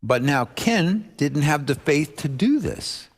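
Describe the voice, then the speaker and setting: Animated male preacher telling a story. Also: a little high, takes it slowly. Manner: animated storyteller acting out dialogue. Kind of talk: sermon storytelling. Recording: music playing underneath.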